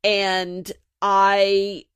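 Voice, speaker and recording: A woman's voice: medium pitch, monotone, very slow, a bit bright, smooth, no room sound, clean studio sound. A woman co-hosting a podcast, talking casually and a little hesitantly, often restarting her sentences. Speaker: podcast co-host.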